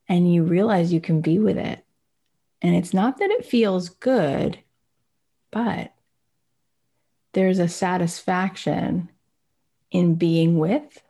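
A woman's voice: lowish voice, mellow. A woman giving a candid, reflective motivational talk. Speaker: speaker.

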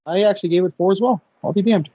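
A man's voice: sits high, racing, dark tone, slightly rough, highs cut off. A man co-hosting a casual podcast chat, dropping dry, wry short remarks. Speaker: podcast co-host.

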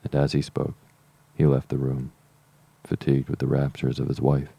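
A man narrates a classic novel in a steady, measured audiobook reading. His voice is extremely deep and gravelly, with a dark tone and a nearly flat melody.

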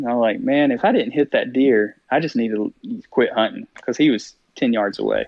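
A man's voice: mid-range voice, sing-song, normal speed, a little mellow, dry recording, muffled recording. A man telling a story as a podcast guest. He laughs often and acts out his own thoughts as he speaks. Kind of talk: storytelling interview.

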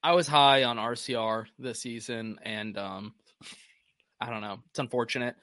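Podcast guy with a bright sharp voice, chill, reads the questions out, dry sound. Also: medium pitch, fairly even intonation, normal speed, dry recording. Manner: laid-back, reads listener questions, laughs along. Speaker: podcast co-host. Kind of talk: casual chat.

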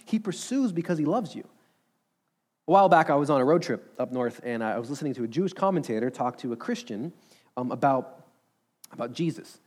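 A man delivers a sermon in an earnest, conversational tone. He keeps asking the listeners questions as he preaches. His voice sits a touch higher than most men's. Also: darkish tone. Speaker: pastor.

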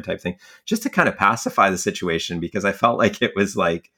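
A man's voice: on the low side, fast talker, hardly any pauses, pushed and bright, breathy edge. A young man telling stories casually in a conversation, rambling with many filler words and frequent laughs. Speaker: guest, fly angler and magazine writer.

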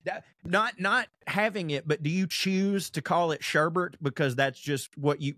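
A man's voice: fairly high pitch, normal speed, hardly any pauses, a bit bright, dry recording, studio quality. A young man co-hosting a podcast, chatting casually in a rambling, profane way and laughing often. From American South. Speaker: podcast co-host. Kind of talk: casual chat.

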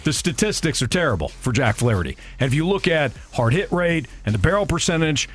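Measured male sports radio host. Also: fairly high pitch, very animated, faint music behind. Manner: measured, steering the conversation.

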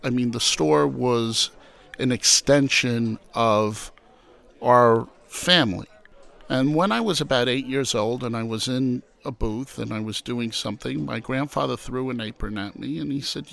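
A man's voice: mid-range voice, measured pace, creaky. A man from New York telling stories from his childhood in a casual interview, acting out the voices of people he quotes. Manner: animated storyteller who acts out quoted voices.

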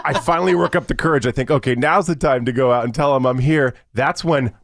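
A man's voice: mid-range voice, quick pace, no echo, clean studio sound. A man co-hosting a radio show, telling a comic story with lots of energy and putting on voices. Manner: animated storyteller, shouts and mimics voices for laughs.

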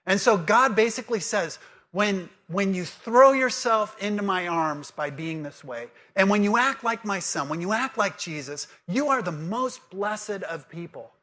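A man preaching a sermon, quizzing the congregation and then teaching earnestly, reading scripture aloud slowly. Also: high-pitched. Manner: lively call-and-response with the congregation. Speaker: pastor.

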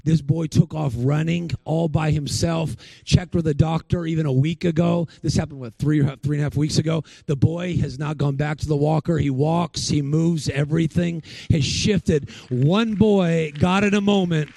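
A man's voice: a little high, fairly even intonation, normal speed, creaky, hardly any pauses, warm tone, no echo. A male preacher giving a sermon, telling stories and acting out the people he quotes. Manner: storytelling, acts out the people he quotes.

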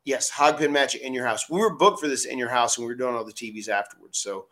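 Animated storytelling man, bright voice. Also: medium pitch, quick pace. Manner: animated, acts out quotes loudly, laughs often. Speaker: podcast host telling stories. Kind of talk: casual storytelling.

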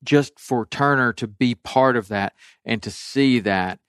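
A man's voice: medium pitch, measured pace, fairly bright tone, clean tone, dry recording, studio quality. A middle-aged man chatting casually and telling a long story, rambling with restarts and livening up when he quotes others.

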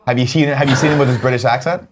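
A man's voice: medium pitch, steady tone, very fast, crowd noise. A man co-hosting a casual morning show, talking animatedly, swearing freely and acting out movie quotes. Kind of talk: casual chat.

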